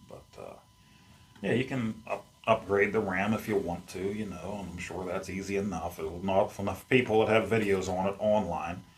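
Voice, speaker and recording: Low-voiced man rambling through an unboxing. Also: steady tone, moderate pace, slight background noise. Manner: rambling, chatty, talks to himself while handling gear. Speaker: YouTube host. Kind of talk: casual unboxing vlog. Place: at home among his game collection.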